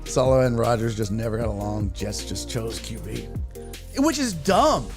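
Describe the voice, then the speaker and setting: A man's voice: medium pitch, big pitch swings, normal speed, music in the background. A man hosting a live-streamed sports talk show, ranting with lots of profanity and answering viewer chat.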